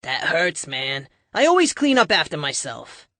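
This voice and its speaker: A cocky young speedster with a Boston accent talks in a lower, gruff tone, as a woman acts him out. He sounds fond of a joke, in a dry audiobook recording. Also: big pitch swings, measured pace, pushed and bright, no room sound, exaggerated voice. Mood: joking. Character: brash young male speedster with a big appetite.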